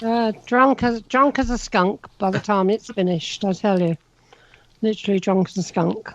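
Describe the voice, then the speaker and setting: A woman's voice: medium pitch, moderate pace. Chatty South London woman, lo-fi line. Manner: chatty, laughing often, teasing. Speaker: medium. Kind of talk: casual radio chat. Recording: dull lo-fi remote line.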